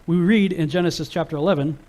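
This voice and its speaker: A man teaching a Bible lesson to a live audience, casual and animated, acting out the people in his stories. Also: a little high, fast talker. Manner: casual and animated, acts out quoted characters.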